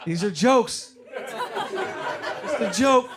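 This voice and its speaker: A Detroit man in his forties performs a brash, profane stand-up set on a comedy club stage before a live audience, acting out the people in his stories. His voice is very high with wildly swooping pitch, and he speaks extremely slowly while the crowd laughs in the background.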